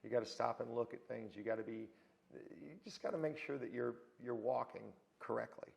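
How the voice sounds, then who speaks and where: A man's voice: mid-range voice, brisk, gravelly. A man telling stories in a casual interview, acting out the people he quotes. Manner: animated anecdote teller, acts out quotes. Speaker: interview guest. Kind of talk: casual storytelling.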